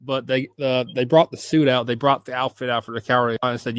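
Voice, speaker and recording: A man hosts a podcast in loose, casual conversation. He jokes and teases playfully, his voice sitting in a middle pitch. The sound is dry and close, with no room around it. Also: flat delivery, fast, few pauses, a bit bright, no echo. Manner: joking, playful teasing. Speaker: podcast host.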